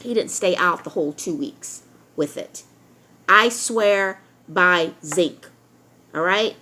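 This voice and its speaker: A woman's voice: fairly low pitch, slow pace, pushed and bright. A middle-aged woman vlogger talking straight to camera in a blunt, lecturing way, often ending points with "all right?". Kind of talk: opinionated talk to camera.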